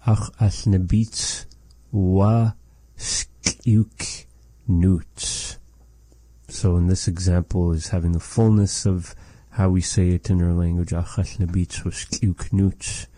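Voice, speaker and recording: Brief: low-voiced male language teacher, dark mellow tone, dry close sound, thoughtful and hesitant. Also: flat delivery, normal speed, few pauses. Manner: thoughtful, hesitant, searches for words. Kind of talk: explaining language lesson.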